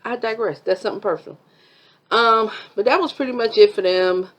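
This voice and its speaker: A woman's voice: mid-range voice, a little fast. A woman vlogger giving a chatty, sassy review of a reality TV episode, full of asides.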